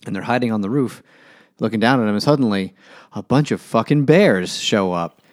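A man's voice: fairly low pitch, a little fast, no room sound, studio quality. A man co-hosting a casual podcast, retelling a story loosely with lots of "like" and frequent laughs. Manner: rambling, many "like"s, laughs often. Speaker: podcast co-host.

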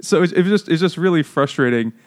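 A man's voice: a little high, expressive. A man co-hosting a casual podcast chat, mocking and laughing often as he talks. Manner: laughing, mocking, does quick silly voices for quotes. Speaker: podcast co-host.

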